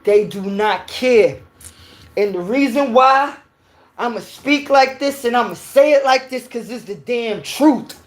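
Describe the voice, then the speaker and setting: A woman's voice: on the high side, a little slow. A woman from New York with a New York accent, giving a heated, preachy opinion rant and repeating her points.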